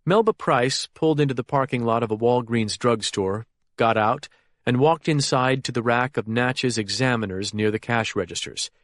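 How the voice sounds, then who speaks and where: In clean studio sound with no room echo, a medium-pitched man reads a thriller audiobook at normal speed. His scripted narration stays steady and even.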